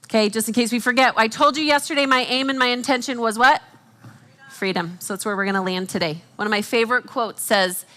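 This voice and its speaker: Bright-voiced woman teaching from stage. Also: a little high, moderate pace. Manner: animated, quotes herself and others in acted voices; jokes with the audience. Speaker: conference speaker. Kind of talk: Christian conference teaching.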